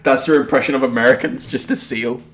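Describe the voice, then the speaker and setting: A man's voice: mid-range voice, fairly even intonation, quick pace. Rambling young man in an echoey room. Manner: rambling, offhand, jokey. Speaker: podcast co-host. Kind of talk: casual chat. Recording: roomy echoey home recording.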